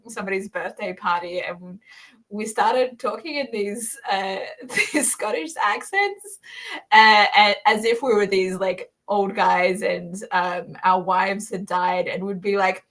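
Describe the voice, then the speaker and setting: A middle-aged woman from Australia with an Australian accent, hosting a casual conversation in an animated way and laughing often. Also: medium pitch. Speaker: podcast host.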